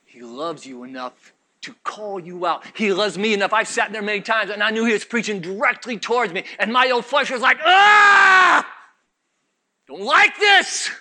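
Middle-aged male preacher, very high and piercing voice, shouts then drops low, mimics his flock. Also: brisk, a little hiss or hum. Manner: swings from shouting to low intense murmurs; acts out congregation voices mockingly. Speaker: pastor. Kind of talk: fiery sermon.

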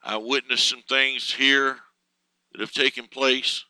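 A man preaching a sermon fervently, swelling louder and slower on key words. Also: medium pitch, little pitch movement, smooth, no echo, low-quality recording.

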